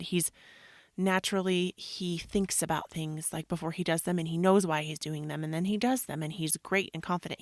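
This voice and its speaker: Low gravelly woman, rambling confessional chat. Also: no echo, studio quality. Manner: rambling and confessional, full of "like" fillers. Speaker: yoga podcast host. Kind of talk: casual personal monologue.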